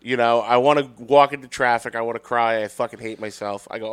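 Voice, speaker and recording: A man's voice: mid-range voice, steady tone, brisk, fairly bright tone, clean tone. A man guest on a comedy podcast telling a self-deprecating, profane story, acting out what people said.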